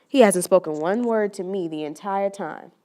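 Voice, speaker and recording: A woman's voice: mid-range voice, moderate pace, dark tone, lightly acted. A woman performing a dramatic monologue as a young woman who tells, earnestly and confidingly, how a relationship hurt her. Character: young woman recounting a hurtful relationship, wounded but resolute.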